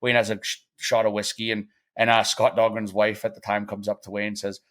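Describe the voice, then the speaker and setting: A man's voice: lowish voice, little pitch movement, a little fast, fairly bright tone. A middle-aged man telling stories in casual podcast talk, rambling with frequent restarts and fillers, and acting out the voices of people he quotes. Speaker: podcast guest. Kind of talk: casual storytelling.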